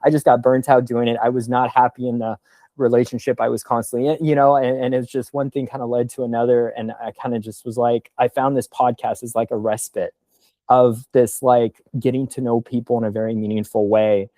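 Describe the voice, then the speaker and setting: A man's voice: mid-range voice, little pitch movement, a little fast, mellow, no echo. A man in his thirties, a podcast guest telling his story in an earnest, emotional, rambling way. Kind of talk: casual podcast conversation.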